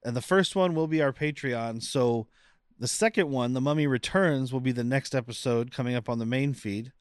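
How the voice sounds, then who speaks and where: A man's voice: medium pitch, normal speed, clean tone, no echo, studio quality. A man co-hosting a podcast, chatting casually and rambling through the upcoming schedule with many restarts. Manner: rambling, self-correcting, announces schedule. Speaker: podcast co-host.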